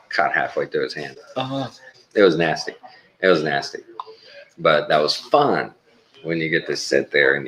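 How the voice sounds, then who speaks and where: A man's voice: extremely low pitch, a bit bright, rough recording. A middle-aged man from Texas, rambling through laid-back work stories in casual chat, swearing now and then. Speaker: traveling surgical tech.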